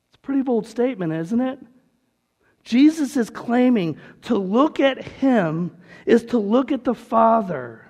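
A man's voice: very high voice, expressive, measured pace, a little mellow. A man pastor preaching a sermon in an earnest, conversational way, with a long hall reverb.

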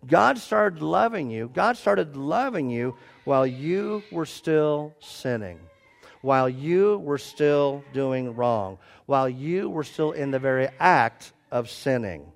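A middle-aged man preaching a sermon as pastor, animated, repeating his phrases and dropping to a quiet, soft prayer. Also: on the high side, takes it slowly, creaky. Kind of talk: sermon with a told joke.

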